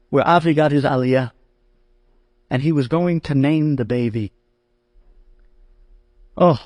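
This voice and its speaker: A rabbi telling a story dramatically, building to high, excited outbursts. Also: male voice, no echo. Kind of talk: animated storytelling to an audience.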